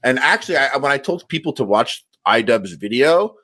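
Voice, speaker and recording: A man's voice: mid-range voice, very animated, moderate pace, sharp tone. A man co-hosting a podcast in casual chat, rambling and filling his talk with "like". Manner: rambling, heavy use of "like" fillers. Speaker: podcast co-host.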